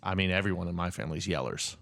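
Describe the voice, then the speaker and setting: A man's voice: deep voice, fast talker, vocal fry. Joking young man on a podcast. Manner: joking, lively, mock-yelling. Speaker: podcast co-host. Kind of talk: casual chat.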